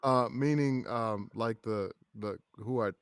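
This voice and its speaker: A man, a voice actor guest, chatting on a livestream and telling lively stories with frequent laughs. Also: mid-range voice, slow pace, smooth, dry recording. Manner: animated storyteller, laughs often. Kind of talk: casual livestream chat.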